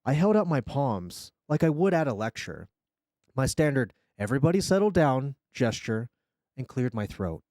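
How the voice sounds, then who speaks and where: Guy reading a scary story on stream, really lively pitch, dry close sound. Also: unhurried, dry recording. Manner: expressive storytelling.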